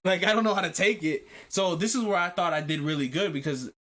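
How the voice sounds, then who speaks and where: On a casual podcast, a male host spins a long story with lively energy, cursing freely and laughing along the way. He talks quickly, and his voice sits slightly higher than is typical for a man.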